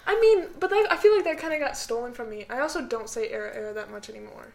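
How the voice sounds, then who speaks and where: A woman's voice: on the high side, fast talker, creaky, a little mellow. A young woman co-hosting a podcast, chatting casually, giggly and a little hesitant. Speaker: podcast co-host. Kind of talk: casual chat.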